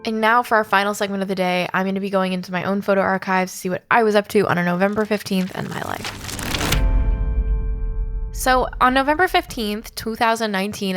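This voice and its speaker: A young woman hosting her own podcast, telling an anecdote in a chatty, animated way. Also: medium pitch. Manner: chatty, animated, laughs often. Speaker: podcast host. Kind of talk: casual podcast narration.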